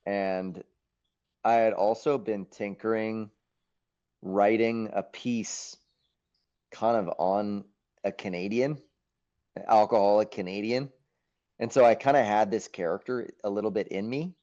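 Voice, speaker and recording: A man being interviewed as an actor, telling stories in a lively, casual way, acting out his own thoughts and swearing now and then. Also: on the low side, slow pace, pauses often. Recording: muffled, dull sound.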